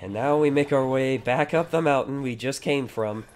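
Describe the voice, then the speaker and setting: A man's voice: medium pitch, moderate pace. A man giving casual, sarcastic gameplay commentary with jokey asides. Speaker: gaming YouTuber.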